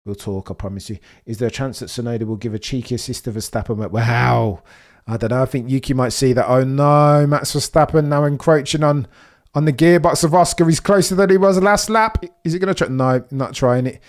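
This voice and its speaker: A young man hosting a live race watch-along stream, chatting with viewers and reacting excitedly as the race unfolds. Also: medium pitch, brisk. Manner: excitable, chatty, reads chat messages, swings from muttering to excited shouting.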